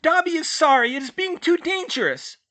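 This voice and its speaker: A man voicing a timid male house elf servant who squeaks in broken grammar. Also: lively intonation, moderate pace, bright, forceful tone, exaggerated voice. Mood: apologetic.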